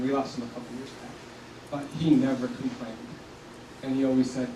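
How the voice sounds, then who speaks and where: A man's voice: mid-range voice, little pitch movement, brisk, background noise. A man in his seventies from South Texas gives an earnest, passionate public speech as a community organization leader. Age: 70s. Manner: earnest and passionate, at times choked up with emotion. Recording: echoey hall, speaker far from the mic.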